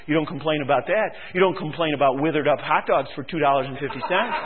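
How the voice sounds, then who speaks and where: High-voiced sarcastic male preacher. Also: quick pace, background noise. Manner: sarcastic, mocking, emphatic. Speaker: pastor. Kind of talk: sermon. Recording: tinny phone-like recording.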